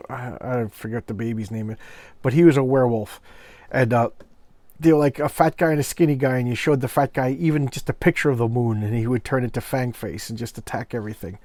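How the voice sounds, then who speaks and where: A middle-aged man talks through an old comic book in a relaxed, meandering vlog style. He often stops to search for names and restarts his sentences. His voice sits at an ordinary pitch and is recorded dry. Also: no room sound. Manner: rambling, forgetful, with many fillers and restarts. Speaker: comic book collector and reviewer. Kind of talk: casual commentary vlog.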